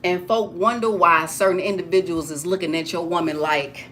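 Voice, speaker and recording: A woman's voice: fairly low pitch, fairly even intonation, normal speed, a bit bright, slight background noise. A woman giving a preachy straight-talk monologue, lecturing listeners with emphatic repetition.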